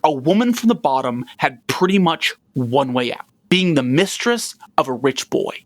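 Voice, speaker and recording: A man's voice: medium pitch, lively intonation, normal speed. A man co-hosting a comedy history podcast, telling the story in a loose, profane, joking way. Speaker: podcast co-host. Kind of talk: casual comedic history chat.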